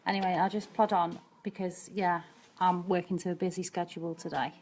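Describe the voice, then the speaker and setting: A woman's voice: fairly low pitch, flat delivery, brisk, darkish tone, a little hiss or hum. A Welsh woman chatting and giggling as she hosts a live-stream nail painting demo, speaking into a phone indoors. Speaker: nail technician host.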